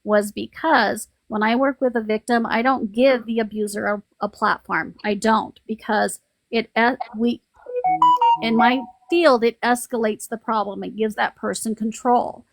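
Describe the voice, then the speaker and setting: A frustrated woman rambles through a casual livestream, her voice pitched a little high. She talks in a dry, close sound with no room around it, circling back and restarting as she goes. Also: steady tone, a little slow, dry recording. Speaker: livestream host. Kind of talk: casual live-stream venting.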